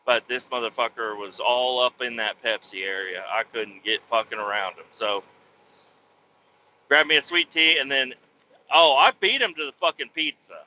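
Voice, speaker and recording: A man's voice: mid-range voice, moderate pace, bright, forceful tone, slight background noise. A man hosting a podcast, telling a comic story in an exasperated, heavily profane rant, on a dull lo-fi recording. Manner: exasperated ranting, heavy swearing, frequent restarts. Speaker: podcast host.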